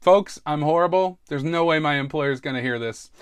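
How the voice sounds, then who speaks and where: A stressed podcast host speaks in a fairly high, clear, resonant voice at normal speed, recorded dry and close. His monologue is casual and rambling, and he mocks himself, laughs a lot, and trails off only to start again.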